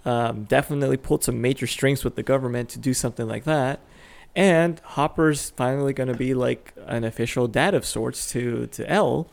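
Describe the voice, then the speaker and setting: A man's voice: medium pitch, moderate pace, creaky. A man co-hosting a casual podcast chat, easygoing and full of fillers like "like" and "uh". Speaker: podcast co-host.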